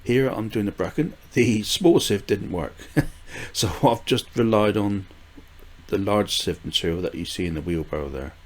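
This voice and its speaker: An older British man with a lowish, expressive voice wanders casually through a gardening vlog at a moderate pace. He's full of fillers and restarts and keeps letting out small chuckles.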